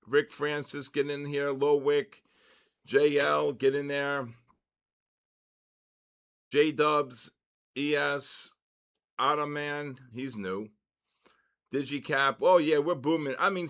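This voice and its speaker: With a fairly high-pitched, fairly bright voice, an older man leads a live trading session. He chats casually in live-stream style, greeting viewers by name in upbeat spurts.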